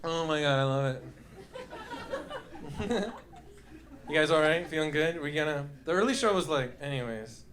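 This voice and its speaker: A man's voice: on the high side, moderate pace, pauses often, crowd noise. A man doing loose, profane stand-up comedy, riffing with the audience and making yelping sound effects. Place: comedy club stage with live audience.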